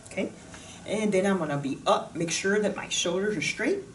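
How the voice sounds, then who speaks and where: A woman's voice: mid-range voice, expressive, normal speed, recorded from a distance. A woman fitness instructor talking casually through an exercise demonstration, bubbly and jokey. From Pacific Northwest of the US. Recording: roomy echo, voice from off the mic, faint noise.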